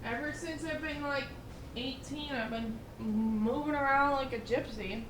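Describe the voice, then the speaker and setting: A woman in her twenties chatting casually, telling lively stories full of fillers and quoted voices. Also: high-pitched, unhurried, roomy sound, noisy background. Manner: animated storytelling with many fillers and quoted voices. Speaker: storyteller in casual chat. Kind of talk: casual chat.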